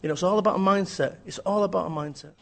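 A man's voice: sits high, racing, creaky, loud music behind the voice. A man, an author and business speaker, giving a blunt, emphatic, joking rant in an interview.

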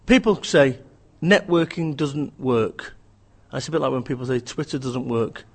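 A man's voice: mid-range voice, a little slow, few pauses. A man, an author and business speaker, talking in a blunt, ranting way, often mimicking other people's voices. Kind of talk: energetic interview talk.

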